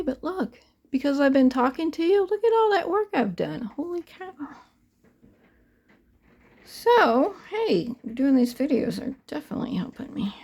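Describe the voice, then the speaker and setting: A woman's voice: high-pitched, a little mellow. A middle-aged woman in a casual crafting vlog, talking to viewers as she paints a doll and often dropping to a half-whisper. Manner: chatty, often drops to a half-whisper while working. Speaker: reborn doll artist.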